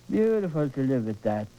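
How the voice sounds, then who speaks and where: A man's voice: medium pitch, dark tone. A man teaching painting as he works, fervent and coaxing, often repeating his words. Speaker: painting instructor. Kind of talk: live painting demonstration. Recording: dull lo-fi broadcast recording.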